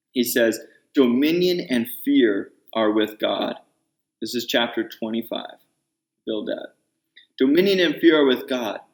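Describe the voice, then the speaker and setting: Slow, unhurried male preacher. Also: mid-range voice. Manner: conversational Bible teaching, paraphrasing in a lively voice. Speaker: pastor. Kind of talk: sermon.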